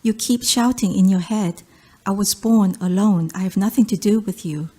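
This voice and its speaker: A woman from South Korea with a Korean accent, reading her poetry aloud in a measured, rhythmic recitation. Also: mid-range voice, dark tone. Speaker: poet.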